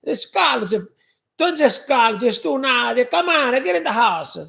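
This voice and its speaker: A man voicing an old grandmother who loudly scolds her boys. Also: very high voice, big pitch swings, a little slow, creaky, voice pushed up, exaggerated voice. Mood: scolding. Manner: loud, scolding.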